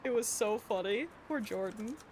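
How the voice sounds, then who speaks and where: A woman's voice: medium pitch, lively intonation, moderate pace, darkish tone, slight background noise. Chatty woman streaming a game. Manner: chatty, giggly storytelling. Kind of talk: casual live-stream gameplay chat.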